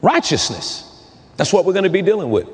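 A man preaching a sermon to his congregation, at times racing and at times drawing phrases out into loud, stretched calls. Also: sits high, big pitch swings. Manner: fervent preaching, swings between rapid talk and drawn-out shouted phrases. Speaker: pastor. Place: church sanctuary. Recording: long hall reverb.

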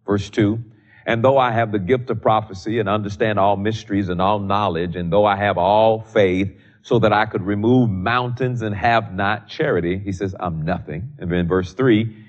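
An older man with a fairly low voice preaches on prayer, often slowing down to repeat his key lines for weight. He stumbles and restarts now and then, then reads scripture aloud in old-fashioned wording. The recording is dull and lo-fi. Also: steady tone. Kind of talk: sermon teaching on prayer.

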